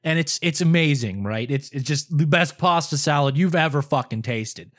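A man's voice: on the high side, animated, moderate pace. A young adult man telling a story in casual podcast chat, swearing often and laughing through it.

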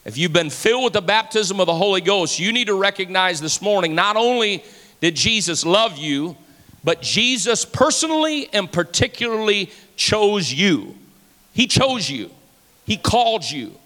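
A man preaches a fervent sermon in a high, bright voice. His words ring out with a long hall reverb around them. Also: sing-song, normal speed. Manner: fervent preaching, rising to shouts. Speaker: pastor. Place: church sanctuary.

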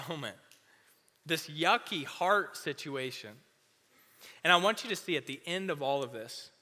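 A young man giving a casual youth sermon as a youth pastor, chatty and full of "like", acting out quick little voices. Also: fairly high pitch, pushed and bright. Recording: long hall reverb.

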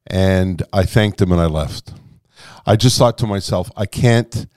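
A man's voice: low voice, unhurried. A man casually telling a long anecdote, acting out the voices of the people in it, swearing and laughing as he goes. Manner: animated, acts out dialogue with swearing and laughter.

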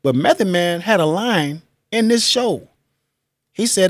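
A man's voice: high-pitched, expressive, slow, no room sound. A man hosting a podcast, talking casually and emphatically, with slangy asides and frequent laughs. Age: adult with children. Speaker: podcast host. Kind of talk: casual solo commentary.

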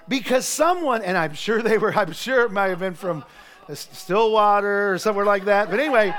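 Pastor, middle-aged man, very high gravelly voice, jokey anecdotes rising to shouting. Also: animated, normal speed. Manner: folksy joking storytelling that builds to shouted preaching. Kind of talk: sermon. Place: church.

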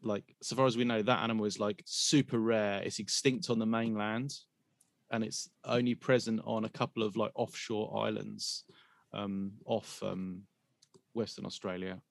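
A man's voice: lowish voice, flat delivery, normal speed, gravelly, no echo. A man hosting a podcast in a casual, rambling way, trailing into hesitations and breaking into laughter. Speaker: podcast host.

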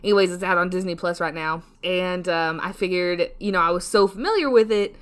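A woman's voice: lowish voice, brisk. A woman hosting her podcast alone while drunk, rambling, laughing and trailing off between thoughts. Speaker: podcast host. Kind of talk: casual solo review chat. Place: home, seated.

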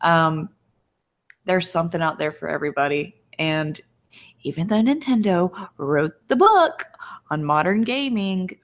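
A woman's voice: on the low side, lively intonation, a little slow. A woman guest on a casual gaming podcast, blunt and teasing, laughing between points.

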